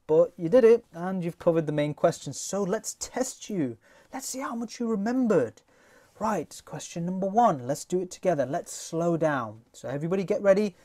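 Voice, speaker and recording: A man teaching a recorded test-prep lesson, talking straight to his class in a lively, jokey way. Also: high-pitched.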